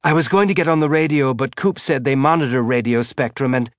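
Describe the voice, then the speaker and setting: A man voicing a nervous, jittery young male messenger who talks in an anxious, hurried way. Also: medium pitch, no room sound, studio quality, voice pushed up, lightly acted.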